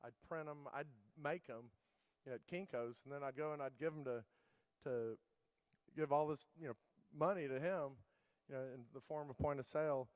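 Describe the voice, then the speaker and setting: Man, middle-aged, keynote speaker, rambling casual anecdotes, lots of fillers, smooth resonant voice, dry sound. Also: on the high side, normal speed, darkish tone, no echo, low-quality recording. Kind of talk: conference keynote storytelling.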